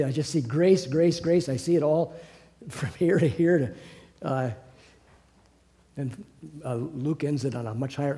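A man's voice: mid-range voice, moderate pace, warm tone. An older man teaching a Bible class over a video call, musing aloud with many restarts.

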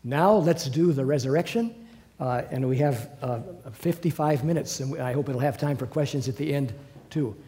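Speaking at a moderate pace and medium pitch, a man reads and retells scripture to a small Bible class gathered in a meeting room. His telling is lively, sprinkled with chuckles and side remarks.

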